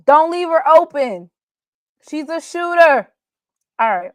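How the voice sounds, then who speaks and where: A woman hosting a casual sports show, excitable and answering chat commenters by name. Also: high-pitched, takes it slowly, pauses often, dry recording, clean studio sound.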